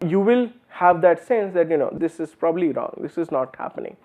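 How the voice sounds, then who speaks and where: A man's voice: fairly high pitch, lively intonation, brisk, darkish tone. A man with an Indian English accent giving a university lecture, explaining patiently with many fillers and restarts. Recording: phone-like narrow band.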